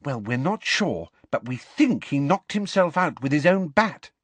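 A man voicing a kind, persistent teenage schoolgirl in an audiobook, lifting his pitch and coaxing gently. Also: big pitch swings, unhurried, husky, dry recording, exaggerated voice.

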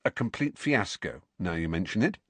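A man's voice: low-pitched, expressive, moderate pace, slightly rough, no room sound. A man voicing a teenage schoolboy who gets flustered and indignant. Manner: spluttering, indignant.

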